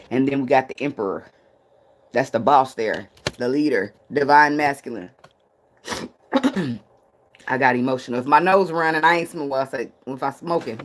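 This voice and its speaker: A woman's voice: extremely low pitch, a little hiss or hum. A woman giving a casual tarot reading, blunt and profane, laughing often and drifting into tangents. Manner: rambling, talks herself into tangents. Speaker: tarot reader.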